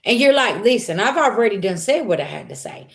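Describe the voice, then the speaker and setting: A woman's voice: medium pitch, sing-song, fairly quick, gravelly. A woman giving a blunt, profane spiritual reading to her viewers in casual talk. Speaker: spiritual reader.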